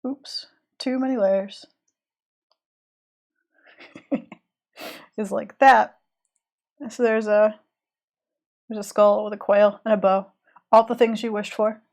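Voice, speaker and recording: Southern American woman streamer, relaxed, chatty, trails off while she concentrates on drawing. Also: mid-range voice, slow pace, pauses often. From Southern United States. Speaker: streaming illustrator.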